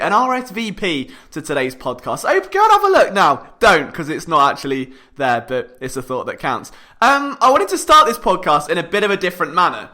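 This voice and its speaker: A young British man hosts a sports podcast with a high, sharp, bright voice. He talks in a jokey, animated way and pokes fun at himself as he goes. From Britain. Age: young adult. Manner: jokey, animated, self-mocking. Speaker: podcast host.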